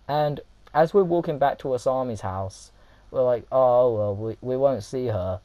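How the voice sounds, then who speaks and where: A young man casually telling a funny story to his viewers, animated and laughing, acting out what people said. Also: mid-range voice, normal speed, no echo, poor audio. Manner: animated, laughing, acts out quotes. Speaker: vlogger.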